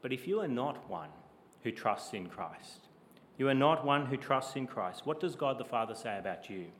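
A man preaching a sermon with emphatic rhetorical questions, his delivery rising loud and then dropping low. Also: animated, moderate pace, in a large hall, slight background noise.

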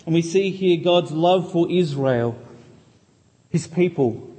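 A man's voice: fairly high pitch, takes it slowly, warm tone, slightly rough. A man preaching a sermon in church, reading scripture aloud and pleading earnestly with the congregation. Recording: long hall reverb.

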